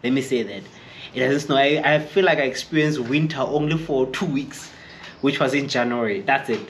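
Male vlogger, mid-pitched, chatty storyteller who mimics others, faint background hiss. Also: normal speed. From Eastern Free State, South Africa. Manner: chatty, rambling, acts out quoted people. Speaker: chef vlogger. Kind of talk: casual storytelling to camera.

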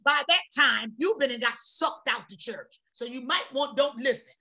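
Woman preaching, fiery repetitive delivery, high bright voice. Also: moderate pace. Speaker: prophetess. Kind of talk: preaching on a prayer broadcast.

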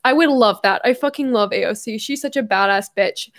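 A young woman with a fairly high voice talks casually to her viewers on a livestream. She is tearful and emotional, swears freely and chats loosely. Her talk is loose and unscripted, full of fillers. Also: a little fast. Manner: emotional, swears often, reads viewer messages. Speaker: YouTuber hosting a livestream.

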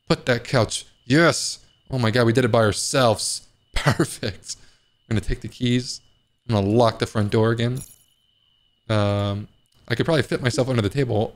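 A man's voice: medium pitch, moderate pace. A man playing a horror game, joking and reacting with panicky outbursts in casual commentary. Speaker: gaming video host. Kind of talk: casual let's play commentary.

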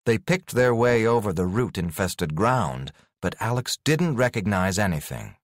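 A man narrating a fantasy audiobook in a scripted, expressive way, recorded on a studio microphone. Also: fairly low pitch, measured pace, few pauses, no room sound.

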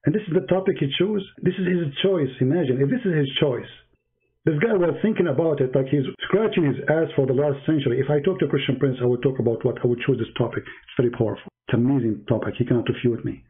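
A man's voice: mid-range voice, quick pace, hardly any pauses, husky. A man hosting a heated live debate, mocking and taunting his opponent in broken English. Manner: broken, non-native English grammar. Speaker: debate host. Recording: tinny phone-like line.

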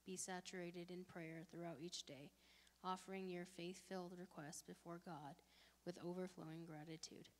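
A woman from the congregation reading scripture aloud, steady and careful. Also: fairly low pitch. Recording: reverberant hall.

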